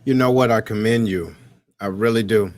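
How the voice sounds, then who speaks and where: A man's voice: on the low side, normal speed, a little mellow, no room sound. A man hosting an interview, affirming his guest and repeating phrases for emphasis. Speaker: podcast host. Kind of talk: conversational interview.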